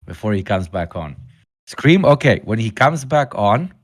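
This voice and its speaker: Man, livestream guest, low voice, crude jokes, heavy swearing, loud outbursts. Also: animated, normal speed, no echo, studio quality. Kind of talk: casual livestream banter.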